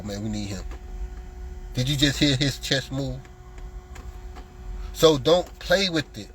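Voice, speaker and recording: A man delivering a heated solo rant to his audience, taunting critics and swinging between loud jabs and muttered asides. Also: high voice, rough recording. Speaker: lottery content creator.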